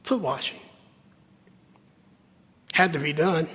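A man preaching a sermon, with dramatic pauses and lines that drop to a hush. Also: a little high, slightly rough. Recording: long hall reverb.

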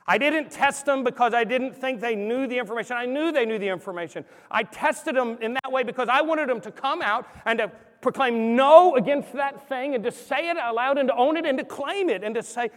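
A high-voiced man in his forties delivers a sermon full of stories. He talks in animated swings, acting out every quote. His voice rings with a long hall reverb. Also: fairly quick, hardly any pauses. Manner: animated storyteller, acts out quotes. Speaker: preacher. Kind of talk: sermon with storytelling.

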